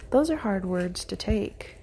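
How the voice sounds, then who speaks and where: Host, woman, reads devotional prose aloud, soft and near-whispered, gravelly and husky, dark tone. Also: medium pitch, expressive, measured pace. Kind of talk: reading a devotional text aloud with brief comments.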